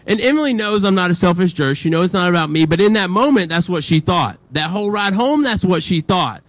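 Chatty young youth pastor, lively pitch. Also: male voice, fairly quick, no room sound. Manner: casual, chatty, many "like" fillers, acts out quotes. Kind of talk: storytelling sermon to teenagers.

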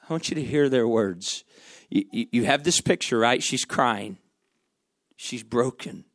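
A man preaching a sermon, dramatic and full of rhetorical questions, dropping to a hush and then rising loud again. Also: medium pitch, gravelly, dry recording, clean studio sound.

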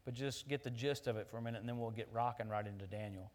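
A middle-aged man preaching a sermon, swinging between loud emphatic declarations and quiet, chatty storytelling, often laughing at his own anecdotes. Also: medium pitch, quick pace.

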